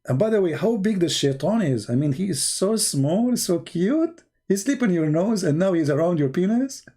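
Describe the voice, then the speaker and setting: Sarcastic man with dark voice. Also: high voice, animated, fairly quick, slightly rough. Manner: sarcastic, non-native grammar, shifts between loud and quiet. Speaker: online commentator. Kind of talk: mocking commentary.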